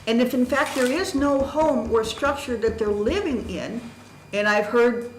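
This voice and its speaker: Speaking at a measured pace with a fairly high pitch, a citizen challenges a candidacy at a county board meeting, reading documents aloud in methodical, emphatic, formal testimony. The poor audio from the county meeting room is roomy, with a little hiss or hum.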